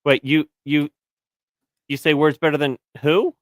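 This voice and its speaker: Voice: medium pitch, fairly even intonation, unhurried, no room sound. A livestream host chatting casually, playful and teasing, often breaking into laughter. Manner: playful, teasing, easily cracks up. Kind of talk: casual chat.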